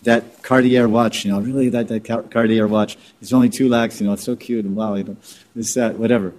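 A man's voice: fairly low pitch, steady tone, brisk, darkish tone, voice pushed down, close to an everyday voice. A man voicing a daydreaming shopper who gushes over an expensive watch. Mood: dreamy. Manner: gushing, daydreaming. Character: dreamy shopper craving a luxury watch.

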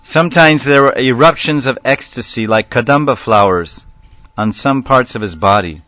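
A man's voice: mid-range voice, normal speed, a bit bright, no echo, muffled recording. A man giving a devotional class lecture, telling stories animatedly, acting out quotes and chuckling often. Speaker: spiritual lecturer.

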